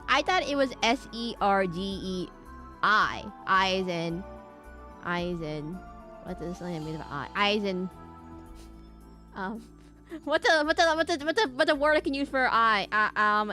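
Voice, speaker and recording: A woman's voice: mid-range voice, pushed and bright. Giggly rambling woman streamer. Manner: rambling and giggly, full of "like" fillers. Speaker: VTuber game streamer. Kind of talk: casual gameplay commentary.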